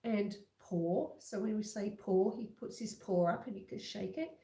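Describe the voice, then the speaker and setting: A woman hosting a casual home livestream, chatting slowly with viewers and reading out their comments. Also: medium pitch, vocal fry, warm tone, echoey room. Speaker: livestream host. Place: home kitchen. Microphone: computer webcam.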